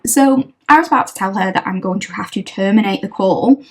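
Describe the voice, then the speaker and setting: A woman's voice: medium pitch, brisk. A young woman, a tarot reader casually telling a story to camera, chatty and wry, often laughing.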